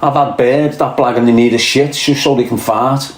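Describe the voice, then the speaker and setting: On a livestream, a man with a Scouse accent chats crudely, reading out viewer comments and spinning swaggering, profane stories. His voice sits at medium pitch with fairly even intonation and a normal speed. He comes across as a blunt, cursing storyteller, and the room gives a roomy echo.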